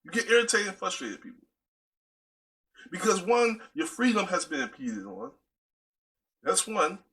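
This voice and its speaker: A man talks straight to his viewers in a casual, preachy way. His voice sits high and sounds very bright. He keeps calling his listeners y'all. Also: lively intonation, normal speed, gravelly, rough recording. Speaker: video host. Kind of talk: casual direct-to-camera talk.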